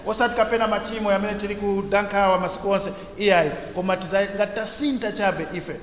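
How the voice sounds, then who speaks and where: A man interpreting a sermon in quick bursts, often restarting as he searches for words. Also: high-pitched, steady tone, reverberant, long reverb tail, slight background noise, poor audio.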